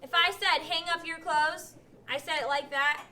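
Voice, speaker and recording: A woman's voice: very high-pitched, steady tone, moderate pace, sharp tone. A woman teaching young pupils in a classroom, patiently asking questions and acting out example sentences. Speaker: elementary school teacher. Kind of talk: classroom instruction.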